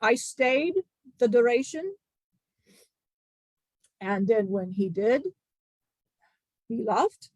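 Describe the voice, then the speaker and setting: A woman channeling the spirit of an ancient male disciple, telling a grieving testimony in halting, emotional bursts with many restarts. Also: a little high, expressive, darkish tone, no echo, muffled recording, heavily acted. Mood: solemn.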